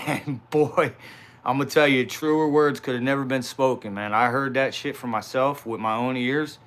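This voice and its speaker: A man's voice: medium pitch, fairly even intonation, normal speed, fairly bright tone. A young man talking casually on a livestream, rambling and swearing with self-mocking laughs. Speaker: live streamer.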